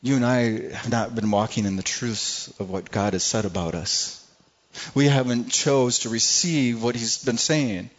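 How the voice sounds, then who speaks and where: A man's voice: mid-range voice, unhurried, highs cut off. A male pastor preaching a sermon to a congregation, speaking conversationally, repeating words and asking the room questions. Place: church service before a congregation.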